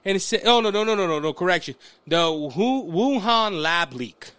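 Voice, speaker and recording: A man with a Louisiana Southern accent hosting an opinion podcast monologue, animated and restless, often restarting his sentences. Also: high voice, moderate pace, dry recording. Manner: animated, restless, frequent restarts and mock voices. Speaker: podcast host.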